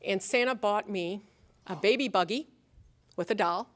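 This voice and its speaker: A woman's voice: medium pitch, moderate pace. A middle-aged woman with an Upper Midwest American accent, giving a college president's convocation address in an earnest, rallying way, using rhetorical questions and light humor. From Upper Midwest of the United States.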